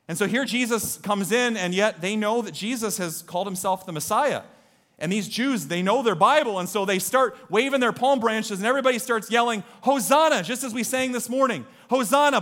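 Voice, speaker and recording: A man with a high voice preaches in a church, animated and jokey. He keeps drawing the congregation in and rallying them to take part. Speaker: pastor. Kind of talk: sermon. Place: church sanctuary.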